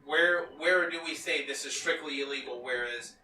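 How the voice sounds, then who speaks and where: A man's voice: on the high side, normal speed, bright, forceful tone, far from the mic. Insistent man, roomy and off-mic. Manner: insistent, swears, repeats his point. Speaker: podcast co-host. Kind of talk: casual debate. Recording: roomy, off-mic with faint noise.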